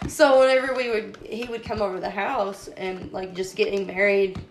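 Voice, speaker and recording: A woman's voice: mid-range voice, steady tone, moderate pace. Talkative Southern woman, podcast guest. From Southern United States. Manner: loud and talkative. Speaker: pastor's wife, podcast guest. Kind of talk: casual interview chat. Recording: echoey room with faint noise.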